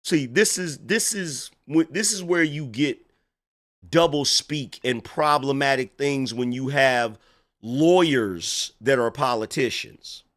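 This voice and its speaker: A middle-aged political commentator reacts to an interview clip with sarcastic, indignant remarks and mocking asides. His voice is medium in pitch, slow, and a bit bright.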